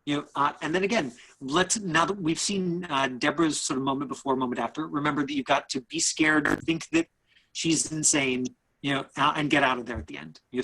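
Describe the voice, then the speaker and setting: A man coaching actors in a live online acting class over a video call. He talks in a halting way, full of fillers and restarts. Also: fairly high pitch, a bit bright, slightly rough, rough recording.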